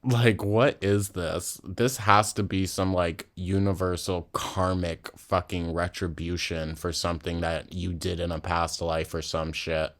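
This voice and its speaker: A man with a low, deep voice talks slowly in a laid-back drawl. He sounds sarcastic and mocking as he swears freely through casual reaction commentary. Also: fairly even intonation, fairly bright tone. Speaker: reaction channel host.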